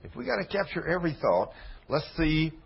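A man preaching an informal Bible lesson, folksy, reading scripture slowly and with weight. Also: on the high side, big pitch swings, gravelly, breathy edge. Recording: dull lo-fi sermon recording.

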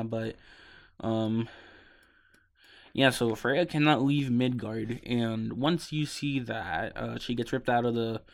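A drowsy young man rambles through a video game story at an unhurried pace. He keeps stopping for ums and uhs and swears casually. His voice is smooth and clear. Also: medium pitch. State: sleepy, yawning. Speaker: podcast host.

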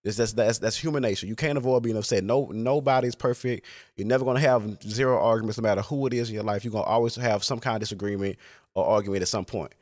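A man's voice: lowish voice, fairly even intonation, quick pace. A man talking casually in a reflective monologue, rambling and swearing freely.

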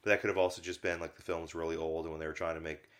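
A man's voice: sits low, level tone, racing, a bit bright. A man co-hosting a casual film podcast, rambling with lots of fillers and restarts. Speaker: podcast co-host reviewing films. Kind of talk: casual chat.

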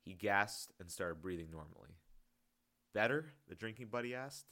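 A man reading his own novel aloud in a calm, measured audiobook narration. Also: sits low.

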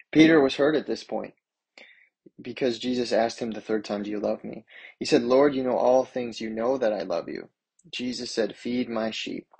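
Man, pastor, sermon, earnest, husky gravelly low voice. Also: darkish tone, low-quality recording. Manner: earnest, reads scripture aloud then explains it plainly. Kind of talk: sermon with scripture reading.

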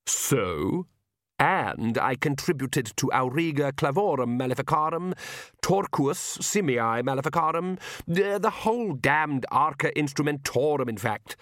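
A man's voice: a little high, lively intonation, measured pace, a bit bright, no room sound, studio quality, voice pushed up. A man voicing a suave, mocking vampire count. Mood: scornful. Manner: smooth, amused and condescending. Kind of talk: audiobook character reading.

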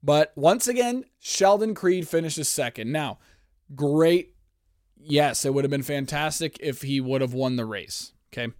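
A fired-up man on a sports podcast, swearing freely and rambling from one gripe to the next. His voice sits a little high for a man, and the sound is close and dry with no room around it. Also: unhurried, a little mellow, no echo. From Canada. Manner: profane, heated, rambling. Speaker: podcast host. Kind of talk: casual sports podcast rant.

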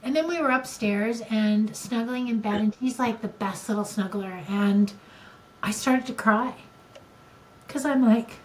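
A woman's voice: fairly high pitch, measured pace, a little hiss or hum, low-quality recording. An older woman co-hosting a podcast, talking candidly and emotionally in casual conversation, with frequent restarts. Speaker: podcast co-host.

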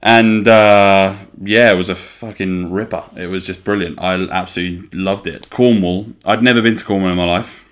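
A man's voice: low-pitched, fairly even intonation, moderate pace, hardly any pauses. A young man hosting a casual solo podcast in a playful put-on West Country twang, chatty and enthusiastic, swearing freely, repeating himself and calling his listeners his lovelies. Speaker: podcast host.

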